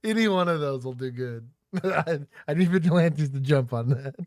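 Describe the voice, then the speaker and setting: A man's voice: medium pitch, fairly quick, very noisy. A man from Texas, a former cop hosting a livestream, joking casually and explaining police procedure.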